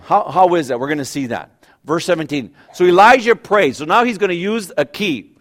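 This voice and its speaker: A pastor preaching a conversational sermon, animated and full of everyday examples, often checking in with "right?". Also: male voice, sits high, fairly quick.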